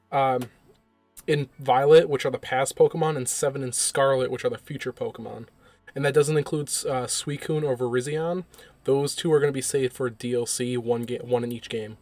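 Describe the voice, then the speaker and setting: A man with a middle-pitched voice recorded dry and close, with faint music underneath. He explains things in an easygoing, informative way, pausing on ums as he talks. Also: steady tone, a little mellow, no room sound. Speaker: podcast co-host. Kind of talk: casual chat.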